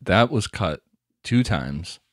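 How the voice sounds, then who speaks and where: A man's voice: deep voice, animated, takes it slowly, dry recording, clean studio sound. A man co-hosting a podcast in casual chat, easygoing and agreeable, with some swearing. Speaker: podcast co-host.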